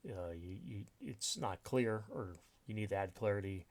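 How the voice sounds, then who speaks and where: A man's voice: on the low side, normal speed, darkish tone. A man teaching a recorded grammar lesson over slides, explaining step by step with many fillers and restarts. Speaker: writing instructor.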